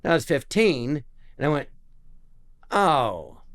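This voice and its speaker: A man's voice: on the high side, a little fast, smooth. A man, a guest comedian telling anecdotes in casual chat and acting out the voices of the people in his stories. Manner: animated storyteller acting out quoted voices.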